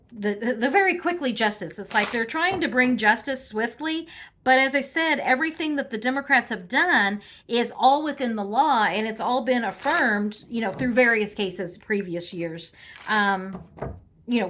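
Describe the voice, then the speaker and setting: A woman with a fairly high, slightly bright voice reads tarot cards on camera, offering casual political commentary. She's snarky and laughs a lot, often saying "um" and restarting her sentences.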